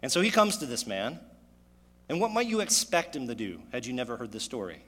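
A man preaching a sermon, animated and full of rhetorical questions, his voice echoing in a church hall. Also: mid-range voice, a little fast. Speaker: pastor.

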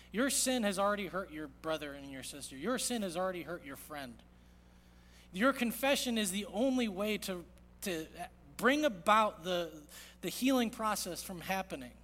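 Man, pastor, high voice, earnest sermon delivery, big echoing sanctuary. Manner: earnest, swings from loud emphasis to hushed quiet. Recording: long reverb of a large hall.

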